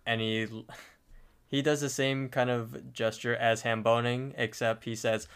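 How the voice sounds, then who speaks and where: A man's voice: mid-range voice, level tone, measured pace, a bit bright, smooth. A man co-hosting a podcast, narrating a cartoon episode in detail with casual fillers. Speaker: podcast co-host.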